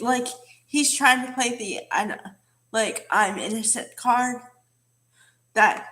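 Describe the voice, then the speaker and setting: A woman's voice: on the high side, slow, sharp tone. A woman casually recapping a soap opera episode, chatty with many fillers and asides.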